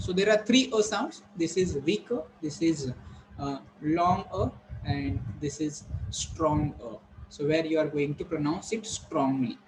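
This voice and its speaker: A man teaching vowel sounds, saying each example word slowly and repeating it. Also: on the high side, slight background noise, rough recording. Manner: slow, repetitive, modelling each word carefully. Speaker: English pronunciation teacher. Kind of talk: classroom lesson on vowel sounds.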